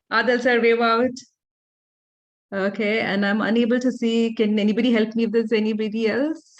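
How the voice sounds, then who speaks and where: A woman hosting an online club meeting over a video call, chatty and welcoming as she greets people. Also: on the high side. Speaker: meeting host.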